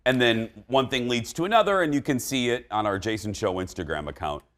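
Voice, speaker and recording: A man's voice: mid-range voice, animated, brisk, a bit bright. A man hosting a studio talk show, chatty and self-deprecating.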